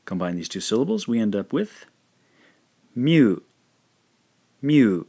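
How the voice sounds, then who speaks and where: A man teaching a language lesson, patiently saying each sound twice in a careful, drawn-out way. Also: fairly low pitch, very animated, darkish tone, slightly rough. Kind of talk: slow, careful spoken lesson.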